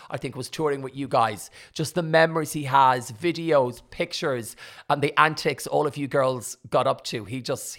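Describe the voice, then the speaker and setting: An Irish woman hosting a casual chat, telling animated stories and acting out the exchanges she quotes. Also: rumbling low.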